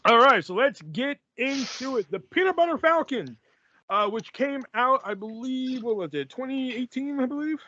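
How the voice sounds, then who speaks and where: A man's voice: very high voice, lively intonation, normal speed, pushed and bright, muffled recording, slight background noise. A man hosting a podcast, chatting casually and swearing freely as he rambles through a sponsor read. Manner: rambling and profane, reads sponsor ads loosely. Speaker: podcast host. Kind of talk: casual chat.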